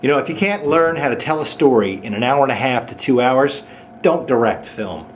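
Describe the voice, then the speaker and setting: A man hosting his own comedy show, ranting sarcastically with quick mocking asides. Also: mid-range voice, a little hiss or hum. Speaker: host. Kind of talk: sarcastic comic monologue.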